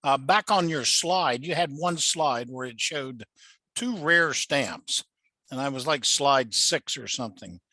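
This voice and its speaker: A man from the audience asks his question in a plain, conversational way. His voice is bright and forward, at a middle pitch. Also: lively intonation, measured pace. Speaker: audience member asking a question. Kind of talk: casual question.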